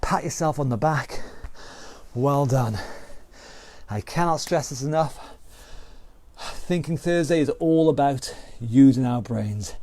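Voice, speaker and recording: A man's voice: medium pitch, slow pace, warm tone, no room sound. A man with a British accent leading an online exercise class, counting down rounds and calling out moves with encouragement. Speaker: fitness instructor.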